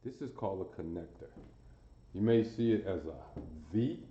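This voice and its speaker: A man's voice: fairly low pitch, lively intonation, normal speed, mellow, slight background noise. A man teaching a class in front of a board, drilling sounds aloud, repeating phrases and quizzing his students. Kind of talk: classroom lesson. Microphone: camera he sometimes walks away from. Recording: roomy, muffled sound.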